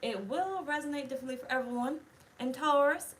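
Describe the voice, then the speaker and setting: A woman's voice: high voice, expressive, fast talker, soft background music. A woman talking casually as a tarot reader, blunt, chatty and full of swearing. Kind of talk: casual tarot video chat.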